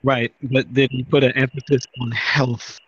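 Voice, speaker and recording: Man arguing scripture, sharp bright voice, kinda husky, dull dry sound. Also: medium pitch, little pitch movement, moderate pace, no echo. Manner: emphatic, pressing questions. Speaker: debater. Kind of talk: religious debate.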